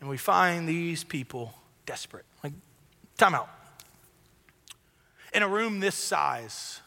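A man's voice: a little high, animated, slow pace, vocal fry, pushed and bright. A young man, preaching an earnest, casual sermon to a large church congregation and often saying "like". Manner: earnest, casual, many filler "like"s. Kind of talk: conversational sermon. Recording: long hall reverb.

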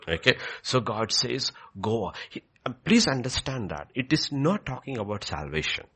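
Gravelly-voiced male preacher, lively delivery. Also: mid-range voice, normal speed. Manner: emphatic, repeats key phrases, swings from loud to quiet. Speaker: pastor. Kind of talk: sermon.

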